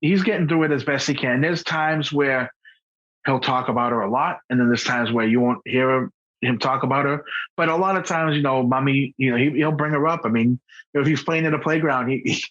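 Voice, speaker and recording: Man, podcast guest, husky mid-range voice, halting earnest delivery with frequent restarts, dull lo-fi audio. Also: medium pitch, a bit bright. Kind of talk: candid personal conversation.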